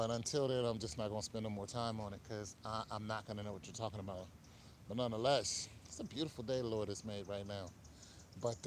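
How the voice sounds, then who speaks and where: A talkative man runs his live stream in a loose, offhand way, his pitch sitting right in the middle. A faint hiss of noise runs behind him. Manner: talkative, animated, quick asides and laughs. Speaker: online show host. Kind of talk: casual live-stream chat.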